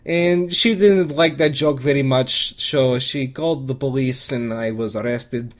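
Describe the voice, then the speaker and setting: A man's voice: medium pitch, measured pace. A man delivering a comedic first-person monologue, rambling and crude, with lots of restarts.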